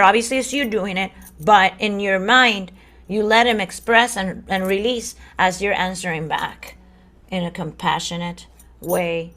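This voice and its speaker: A woman's voice: on the low side, a bit bright. A woman co-hosting a casual spiritual podcast, talking earnestly and dramatically and sometimes acting out voices. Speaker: podcast co-host.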